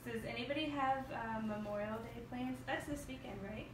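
Livestream host, young woman, chatty, high-ish voice, echoey room, far mic with noise. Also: a little fast. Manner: chatty, reads viewer comments aloud. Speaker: host of a nail salon livestream. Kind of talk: casual livestream chat and demo.

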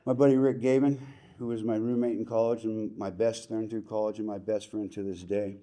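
Man, middle-aged, low warm voice; heartfelt, casual acceptance speech at a banquet. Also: flat delivery, brisk. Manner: plainspoken and folksy, with casual slang. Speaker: hall of fame inductee giving acceptance speech. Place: banquet hall ceremony.

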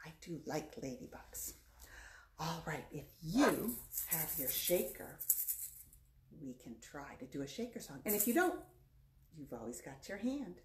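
A woman's voice: sits low, big pitch swings, normal speed, a little mellow, slight background noise. A woman children's librarian leading a playful storytime for young children, with songs and a story in a library. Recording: echoey room.

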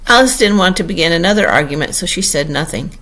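A woman narrating a classic children's storybook as an audiobook, in a lively storytelling manner. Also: lowish voice, quick pace. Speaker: audiobook reader.

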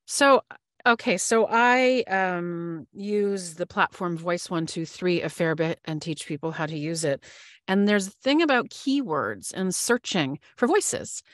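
Earnest woman host, lower voice. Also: expressive, a little slow, a bit bright, dry recording, clean studio sound. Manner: earnest, searching, many fillers. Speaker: podcast host. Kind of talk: podcast interview.

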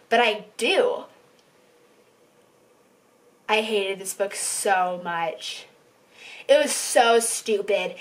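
A woman vlogger ranting about a book she hated, exasperated and repeating herself, swinging between loud outbursts and muttering. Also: on the high side. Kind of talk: ranting book review vlog.

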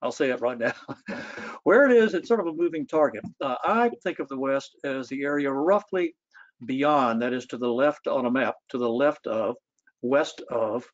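A man speaking as a historian at a public talk, thoughtful and storytelling, with many pauses and fillers. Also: medium pitch, highs cut off.

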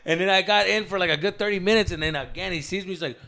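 A man with a Chicano English accent telling a wild story on a casual podcast, swearing a lot and loudly acting out what people said. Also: high-pitched, very fast, gravelly, over a noisy crowd. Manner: animated, swears a lot, acts out quotes loudly. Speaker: podcast co-host.

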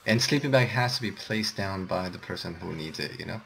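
A low-pitched man with a gravelly, creaky edge talks through a co-op game session. He reacts nervously and jumpily to every threat. A faint hiss sits under his voice. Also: animated, a little fast, a bit bright. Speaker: gamer. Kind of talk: casual co-op gameplay chat.

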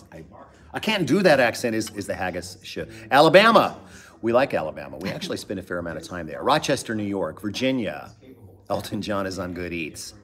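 This host is a middle-aged man whose very low voice is very animated and fairly quick. On his loose live stream he rambles from thought to thought, reads out where viewers are located, and tosses in dry humor.

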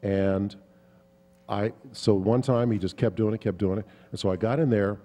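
A man with a low, dark, mellow voice tells stories at a fan convention Q&A. He rambles a little, chuckles, and fills gaps with "um" and "you know." He speaks into a handheld mic in a panel room. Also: moderate pace, long reverb tail. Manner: relaxed, chuckling, rambling with fillers. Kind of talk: anecdotal storytelling at a Q&A.

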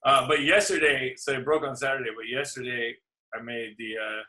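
A man with a bright, forceful voice chats on a laid-back podcast over drinks. He talks loosely, laughs often and drifts through long stories. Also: mid-range voice, steady tone, a little fast, low-quality recording. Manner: chatty, laughs often, tells rambling stories. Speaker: podcast co-host. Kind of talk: casual chat over drinks.

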